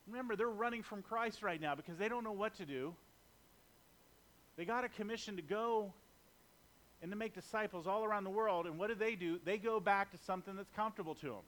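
High-voiced man preaching a sermon. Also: animated, moderate pace, long pauses, fairly bright tone. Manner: conversational preaching with jokes and acted-out quotes.

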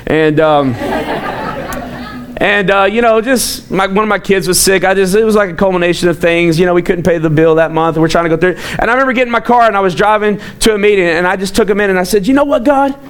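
A man in his thirties preaching a sermon as a pastor, telling personal stories in an animated way with frequent restarts. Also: high-pitched, fairly quick, a faint crowd, slight background noise. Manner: animated, storytelling, repeats words.

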